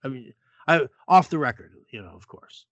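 A man's voice: mid-range voice, lively intonation, moderate pace, dry recording. A man co-hosting a casual sports talk show, swearing and exasperated, often restarting his sentences. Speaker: sports podcast co-host.

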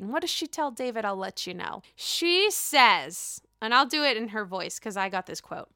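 A young adult woman hosting a casual podcast recap, profane, sarcastic and animated. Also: fairly high pitch, smooth, no echo, clean studio sound. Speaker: podcast host.

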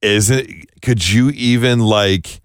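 A man's voice: on the low side, fairly even intonation, takes it slowly, clear, resonant tone, dry recording, studio quality. A man co-hosting a podcast, sharing movie trivia in casual chat with playful disbelief. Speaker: podcast co-host.

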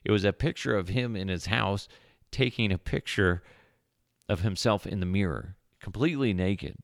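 A man hosting a podcast with a low, gravelly voice full of vocal fry. He rambles through stories with crude jokes and plenty of fillers. The sound is dry and close to the mic. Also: moderate pace, no room sound. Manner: jokey, rambling, crude humor, frequent fillers. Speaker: podcast host. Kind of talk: casual rambling storytelling monologue.

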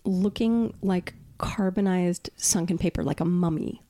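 A woman with a lower-pitched voice tells a story as a podcast guest. She is from Brooklyn and talks in a loose, animated way. She laughs often and swears freely. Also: measured pace. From Brooklyn, New York. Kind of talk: casual storytelling conversation.

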